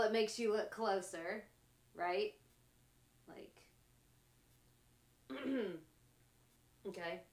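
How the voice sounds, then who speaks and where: A woman hosting a spiritual talk show, musing slowly in short trailing phrases and laughing often between thoughts. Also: medium pitch, fairly bright tone, roomy sound. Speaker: podcast host. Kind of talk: reflective spiritual monologue.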